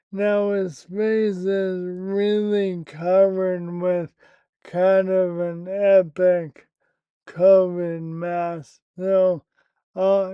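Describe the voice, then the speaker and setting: A man telling a personal story in a candid, profane monologue, slow and matter-of-fact. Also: high-pitched, clean tone, no echo, muffled recording. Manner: slow, candid and profane, recounting an upsetting event.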